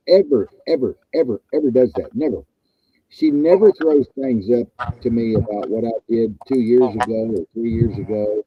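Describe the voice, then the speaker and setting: A man's voice: medium pitch, moderate pace, highs cut off. A man hosting a casual chat, rambling and joking and repeating himself. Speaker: host.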